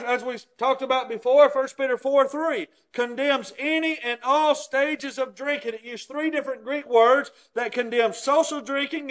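A man's voice: very high-pitched, fairly bright tone. A man preaching a sermon, teaching scripture in an emphatic, explanatory way with everyday examples.

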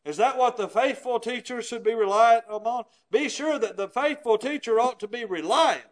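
A man's voice: very high-pitched, moderate pace, rough recording. A man preaching a sermon in an earnest, emphatic way, often asking rhetorical questions.

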